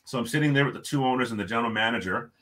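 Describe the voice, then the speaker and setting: A middle-aged man, a podcast guest, telling a story in a lively way and chuckling often. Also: mid-range voice, racing. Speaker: podcast guest, former hockey coach. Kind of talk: storytelling in conversation.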